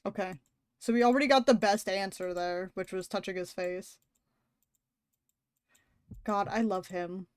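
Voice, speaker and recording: A woman's voice: mid-range voice, unhurried, pauses often, smooth, dry recording. Chatty lady streamer playing a story game, lots of laughs, dry close sound. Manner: animated, laughs often, swears casually. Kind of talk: live game stream, reading story aloud.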